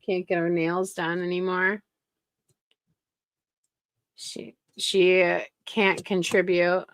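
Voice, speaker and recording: A woman's voice: fairly low pitch, level tone, takes it slowly, no room sound. A woman hosting casual commentary in a sarcastic, gossipy way. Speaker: commentary channel host.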